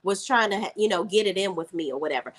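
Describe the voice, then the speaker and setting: A woman's voice: medium pitch, lively intonation, fast talker, voice pushed down, lightly acted. A woman voicing a defensive young man who dodges blame and pities himself, retold in a TV recap. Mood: evasive. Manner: evasive, self-pitying.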